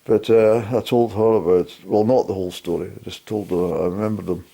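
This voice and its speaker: Gravelly, dark-voiced man. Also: lowish voice, fairly even intonation. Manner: halting, rambling, mild swearing. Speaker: hillwalker recounting a journey. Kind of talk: personal storytelling to camera.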